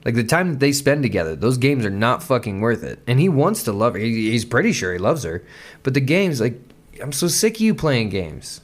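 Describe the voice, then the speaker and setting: A man hosting a podcast, chatting loosely about a song with lots of swearing, restarts and quick laughs. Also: mid-range voice, very animated. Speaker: podcast host. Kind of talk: casual music commentary.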